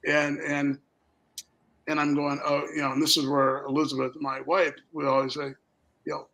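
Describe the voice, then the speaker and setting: A man's voice: a little high, flat delivery, moderate pace, creaky, a bit bright, rough recording. A middle-aged man from Minnesota telling rambling stories as a guest on a talk show, acting out the voices of the people in them. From Minnesota, USA. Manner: rambling anecdotes, acts out quoted voices. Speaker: guest, spirits company founder. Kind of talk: casual storytelling.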